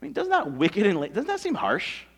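A man preaching a sermon in a conversational, animated storytelling way, full of asides. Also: high-pitched, brisk, vocal fry, breathy edge. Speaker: pastor.

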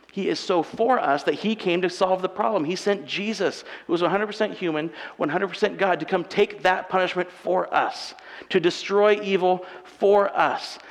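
A man in his thirties delivers a conversational sermon in a church auditorium, his fairly high voice carrying a gravelly edge. He drifts from quiet, chatty asides to loud, emphatic declarations. The sound rings with long hall reverb from the sanctuary. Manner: conversational preaching, swinging between soft asides and loud emphatic passages. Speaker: pastor.

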